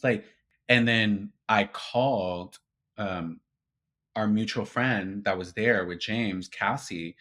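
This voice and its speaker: A man with a lowish voice appears as an interview guest, telling a story casually and animatedly. He acts out the quoted dialogue and swears freely.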